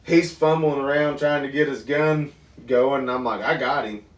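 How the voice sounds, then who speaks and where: A man co-hosting a podcast, telling hunting stories in a lively, animated way with bursts of laughter. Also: fairly high pitch, moderate pace. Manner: animated storyteller, laughs and yells mid-story. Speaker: podcast co-host. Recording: roomy, distant mic, faint background noise.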